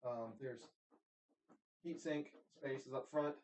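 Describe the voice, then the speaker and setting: A man's voice: medium pitch, slow pace, darkish tone. A man rambling casually at home while filming a tech vlog, talking to his gear and wandering off on tangents, recorded on a handheld camera. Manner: chatty, talks to objects, many tangents. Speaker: tech vlogger. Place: room at home. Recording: roomy, distant, dull camera audio.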